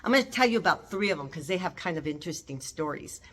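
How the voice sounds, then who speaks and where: A woman's voice: low-pitched, lively intonation, fast talker, fairly bright tone. A woman chatting casually to her viewers in a home vlog, filmed in her courtyard by a relative, rambling with frequent fillers. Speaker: cooking vlogger hosting a house tour. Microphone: camera held by her nephew.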